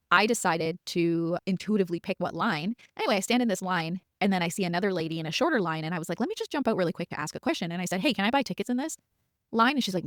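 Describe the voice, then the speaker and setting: A woman's voice: lowish voice, no room sound, studio quality. A woman in her thirties hosting a podcast, telling a personal story in a chatty way, laughing now and then and quoting her own thoughts. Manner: chatty, laughs while telling, quotes herself in asides. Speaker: podcast host. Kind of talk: casual storytelling.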